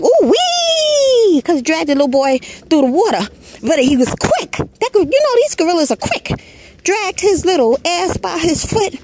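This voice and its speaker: A woman's voice: high-pitched, darkish tone. A woman hosting her own channel, retelling a story in blunt, profane, casual commentary and punctuating her points with an emphatic "Hello.". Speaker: channel host.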